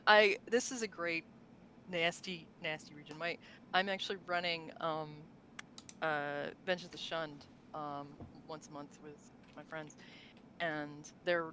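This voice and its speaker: Lowish voiced woman gabbing about game lore, um's and laughs, faint hiss behind. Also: steady tone, takes it slowly, pauses often, a bit bright, low-quality recording. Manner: chatty, laughs often, many fillers and restarts. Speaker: podcast co-host. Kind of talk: casual chat about tabletop game lore.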